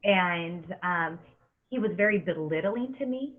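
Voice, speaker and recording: A woman's voice: fairly low pitch, expressive, measured pace. Earnest woman in her thirties on tinny audio. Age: 30s. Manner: earnest, emphatic, repeats words when upset. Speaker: podcast host. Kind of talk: casual podcast chat.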